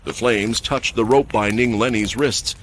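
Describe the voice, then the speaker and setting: A man's voice: mid-range voice, steady tone, a little slow, slight background noise. Man narrating a fantasy recap. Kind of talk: scripted story narration.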